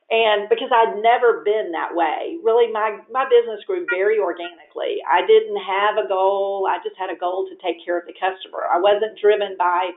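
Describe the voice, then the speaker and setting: A woman answers interview questions about her work in an animated, competitive way, pitching up sharply whenever she acts out her own past words. The sound is narrow and phone-like. It also carries a roomy echo. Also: moderate pace, hardly any pauses. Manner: animated, competitive, voices rise when quoting herself. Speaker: guest, real estate agent. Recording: echoey, phone-like audio.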